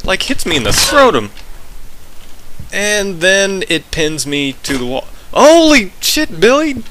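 A man narrates his game in a high voice that leaps all over the place, yelping and swearing at each disaster. He talks slowly between outbursts. The home recording has clear background noise. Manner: excitable, swearing, yelping reactions. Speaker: gamer. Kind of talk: let's play commentary.

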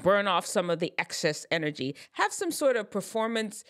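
A woman's voice: mid-range voice, big pitch swings, moderate pace, a bit bright. A woman giving advice in a chatty, loose way, often correcting herself mid-sentence as she explains science terms. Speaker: advice vlogger. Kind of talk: casual explanatory talk.

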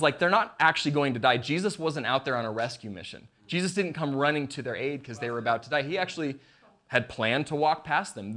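A man's voice: a little high, a bit bright. A man preaching a casual online sermon as pastor, conversational and jokey, acting out the lines he quotes.

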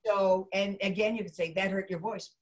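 An animated middle-aged woman explains how to build character voices. She keeps breaking into short demo voices between her explanations, at an everyday middle pitch. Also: normal speed. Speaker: voice acting teacher.

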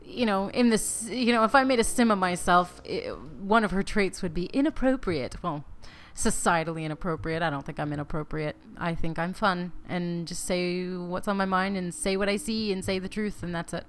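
A woman's voice: lowish voice, normal speed, hardly any pauses, a little hiss or hum. Chatty woman narrating her gameplay. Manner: chatty, rambling and candid, talking to viewers. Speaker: Let's Play host. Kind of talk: casual gameplay commentary.

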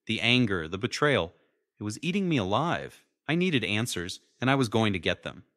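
A young man in his twenties narrates a dramatic first-person story in a low voice with lively, emotional swings. The voice-over is dry and close, with no room sound. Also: normal speed, no room sound.

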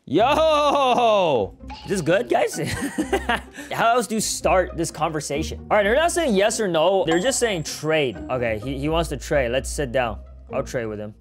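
A man's voice: on the high side, very animated, a little slow, soft background music. A young man giving playful gameplay commentary, laughing often and teasing other players. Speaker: gaming YouTuber.

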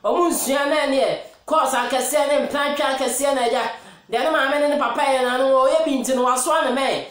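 Ghanaian lady host, high voice, chatty n laughing, really echoey room. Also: fairly even intonation, fairly quick, a bit bright. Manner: chatty, laughs often, mixes English into Twi. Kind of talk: casual news commentary.

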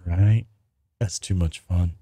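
A man's voice: low-pitched, fairly even intonation, slow pace, warm tone, husky, dry recording. A man hosting a gaming livestream, chatting casually and laid-back, swearing freely and laughing along with his co-host.

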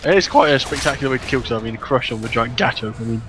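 A man co-hosting a let's play, teasing his friend in casual, joking banter. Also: medium pitch. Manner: joking, teasing, quick talker. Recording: gameplay gunfire and noise behind.

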